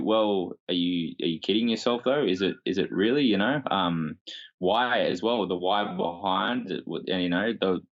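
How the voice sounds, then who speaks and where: Male podcast host, very low voice, slightly dull audio, reflective and rambling. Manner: reflective, rambling with filler words. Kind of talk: casual conversation.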